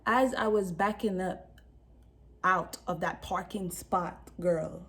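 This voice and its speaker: A young woman telling a casual storytime vlog, animated and full of slang, acting out quotes with laughs. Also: lowish voice, takes it slowly. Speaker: vlogger.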